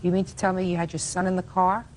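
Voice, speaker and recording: An older woman judge from the United States grills the people before her in blunt, pressing questions. Her voice sits a touch low, and she cuts in whenever an answer drifts. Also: flat delivery, fast talker, slight background noise. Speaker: courtroom judge. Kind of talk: courtroom questioning.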